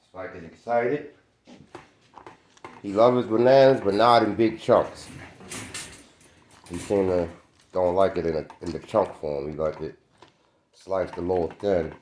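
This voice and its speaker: A man's voice: deep voice, measured pace, pauses often, darkish tone, slight background noise. A man just woken up, chatting casually in slang to his viewers while feeding his dogs. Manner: laid-back slangy chat, keeps asking "you understand me". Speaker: dog owner vlogger. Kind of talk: casual vlog talk to camera. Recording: roomy echoey sound.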